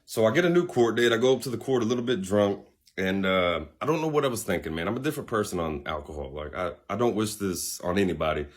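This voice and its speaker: A man's voice: on the low side, animated, quick pace. A young man casually telling a personal story to the camera, rambling with many fillers and asides. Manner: rambling, laid-back, lots of fillers and asides.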